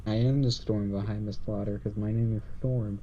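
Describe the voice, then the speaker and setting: A man playing a tabletop game, speaking with a teasing, deadpan manner. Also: on the low side, normal speed, crowd noise. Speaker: player. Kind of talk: casual chat during a tabletop game. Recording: dull lo-fi mic.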